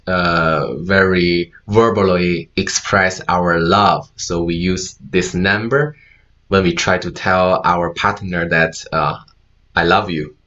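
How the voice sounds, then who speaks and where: A man whose first language is Mandarin Chinese gives a talk at a conference, explaining slowly with many fillers and mixing in Mandarin words. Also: deep voice, sharp tone, muffled recording. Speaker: conference speaker. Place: conference room.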